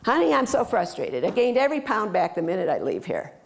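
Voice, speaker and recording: A woman's voice: mid-range voice, sing-song, a little fast, creaky, a little hiss or hum. A woman voicing a frustrated, chatty female spa client who calls the listener honey, sounding exasperated.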